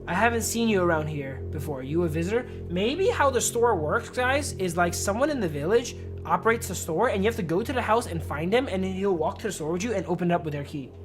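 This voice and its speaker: A man's voice: high-pitched, animated, fast talker, few pauses. Casting: easygoing male streamer, chatty asides, game music going behind. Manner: loose, rambling, casual asides to viewers. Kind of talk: live game stream commentary and reading aloud.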